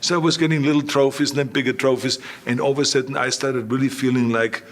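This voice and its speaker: A man with a mid-range voice and a steady tone talks at a quick pace with few pauses. He's a guest in a storytelling interview, telling his stories emphatically and repeating phrases.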